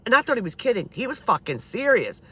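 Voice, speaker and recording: A woman's voice: fairly high pitch, very animated, fast, bright, forceful tone, breathy edge. A woman telling personal ghost stories in a blunt, chatty way, swearing freely. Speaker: storyteller. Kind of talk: casual storytelling.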